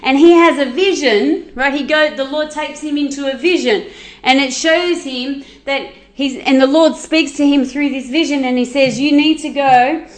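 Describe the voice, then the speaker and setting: A woman retells a Bible story in a chatty, animated way, full of asides and quick restarts. Her voice is high. The room around her is noticeably echoey. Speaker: Bible teacher.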